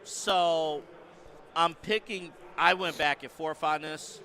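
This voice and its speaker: A man's voice: on the high side, steady tone, vocal fry, pushed and bright. Emphatic man leading a wrestling podcast. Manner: leads segments, deliberate and emphatic. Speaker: podcast co-host. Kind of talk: casual wrestling chat.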